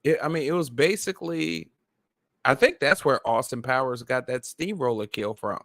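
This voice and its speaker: A man co-hosts a podcast in relaxed, profane chat and gets enthusiastic as he talks. His voice sits at a middle pitch with a dry close-mic sound. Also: moderate pace, dry recording. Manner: laid-back, swears freely, enthusiastic. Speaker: podcast co-host. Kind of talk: casual chat.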